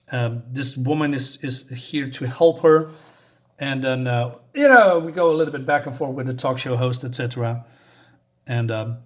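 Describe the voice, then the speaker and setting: A man casually reviewing a comic book, rambling with fillers and restarts, chuckling now and then. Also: medium pitch.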